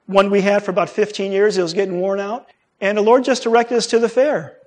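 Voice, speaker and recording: High-voiced man preaching with lively storytelling. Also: fairly quick. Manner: animated storytelling, acting out quoted voices. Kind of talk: sermon with personal story.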